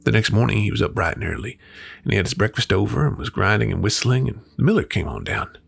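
A man hosts a folklore show, with a deep, gravelly and husky voice. He tells old tales in a folksy, lively way, his pitch moving up and down a lot, with faint music under him. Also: fast. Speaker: folklore podcast host. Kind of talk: folktale storytelling and book review.

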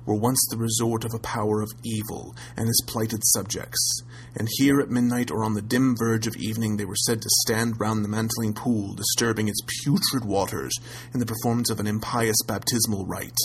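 Gravelly-voiced man reading a tale. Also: fairly low pitch, a little hiss or hum, low-quality recording. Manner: measured, steady storytelling. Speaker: narrator. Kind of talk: audiobook reading of a classic tale.

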